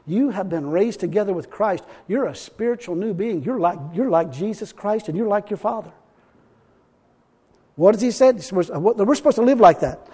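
A high-pitched male pastor delivers a folksy, emphatic sermon, breaking into chuckles between points. His voice rings out with a long reverb, as if the mic picks him up in a church hall. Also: lively intonation, moderate pace, warm tone, husky.

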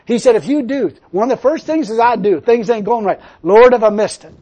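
A man's voice: extremely high pitch, fairly quick, warm tone, lo-fi sound. An older man preaching a sermon, telling a personal story and then building into emphatic preaching. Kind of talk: sermon testimony.

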